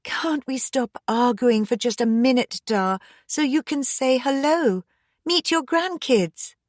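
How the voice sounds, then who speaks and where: A woman voicing a young married woman in an audiobook, sharp and pleading with her father. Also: high-pitched, expressive, slow pace, no echo, studio quality, pitched above the performer's own voice. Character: young married woman, angry and hurt daughter.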